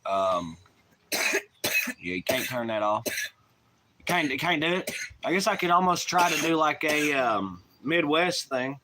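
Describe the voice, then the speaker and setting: A man's voice: fairly high pitch, very animated, unhurried, pauses often, noisy background. A man with a Southern US accent chatting casually on a live stream, rowdy and profane, rambling in folksy slang.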